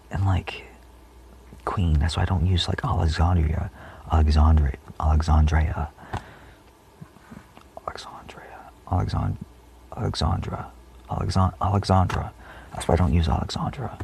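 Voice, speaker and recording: A man's voice: deep voice, fairly even intonation, moderate pace, creaky, pauses often, a little mellow. A man giving a rambling spiritual monologue, full of fillers, often dropping into a whisper. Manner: meandering, many fillers, often trails off into whispers. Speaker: spiritual vlogger.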